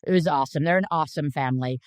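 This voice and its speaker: Chatty woman in her fifties, smooth voice. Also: low voice, very fast, no echo, studio quality. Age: 50s. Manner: chatty, animated anecdotes with frequent "like" fillers; blunt, swears freely. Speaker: chef, interview guest. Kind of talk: casual interview storytelling.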